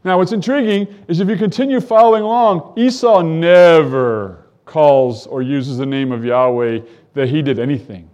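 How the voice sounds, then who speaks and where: Guy teaching bible verses, reads a bit then stops to explain, fairly high voice for a man, gets animated on the quotes. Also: moderate pace, hardly any pauses. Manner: reads scripture aloud and stops to comment; animated, voice climbing when quoting the characters. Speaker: preacher.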